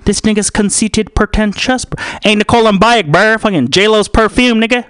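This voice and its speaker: A man's voice: sits high, moderate pace, a bit bright, clear, resonant tone, no room sound, voice pushed up. A man voicing a brash, taunting young man who heckles in a repetitive, sing-song way. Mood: mocking.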